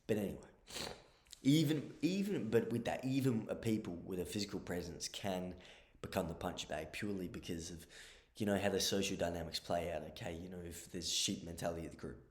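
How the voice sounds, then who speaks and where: A man's voice: low-pitched, a little fast. A man giving casual advice in a blunt, profane way, often checking in with the listener. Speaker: advice vlogger. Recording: roomy echo.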